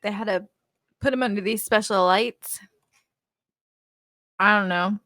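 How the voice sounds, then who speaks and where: A playful woman chatting on a live stream, quick to laugh and tease. Her voice is mid-pitched and sounds dry and close. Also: a bit bright, no echo. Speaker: co-host and content creator. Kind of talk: casual stream chat.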